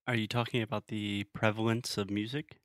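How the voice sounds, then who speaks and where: Low-voiced man, teasing teacher. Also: flat delivery, a little fast, a bit bright, no room sound, studio quality. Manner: explains clearly, playful, teasing. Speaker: podcast co-host, English teacher. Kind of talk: casual conversational English lesson.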